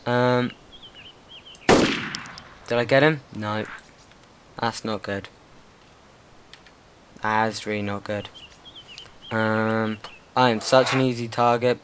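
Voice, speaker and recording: A man's voice: medium pitch, a bit bright, a little hiss or hum. A young man hosting a gaming channel, giving casual, nervous, rambling commentary and talking to the zombies in his game.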